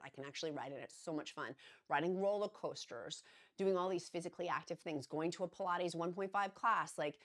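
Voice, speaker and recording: Low-voiced woman giving chatty encouragement. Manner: chatty, earnest, rambling with restarts. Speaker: vlogger. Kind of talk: casual encouraging talk to camera.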